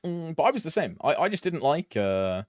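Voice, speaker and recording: A man's voice: on the high side, sing-song, fairly quick, no room sound. Chatty young British man streaming. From Britain. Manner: chatty, rambling, hums between lines. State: allergies flaring up. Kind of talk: casual live-stream chat.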